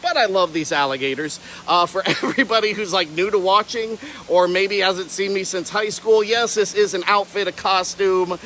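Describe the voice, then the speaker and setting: Bright-voiced playful young man on a livestream. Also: sits high, moderate pace, few pauses, slight background noise, rough recording. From Florida. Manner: playful, rambling, jumps between tangents. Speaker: reptile keeper livestreaming. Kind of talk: casual livestream chat. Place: outdoor alligator park.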